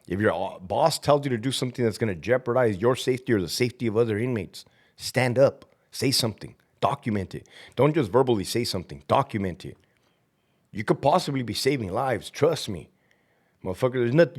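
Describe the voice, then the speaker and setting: A man who is a former prison lieutenant hosting a vlog, ranting and rambling with profanity between long runs of viewer shout-outs. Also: mid-range voice, expressive, moderate pace.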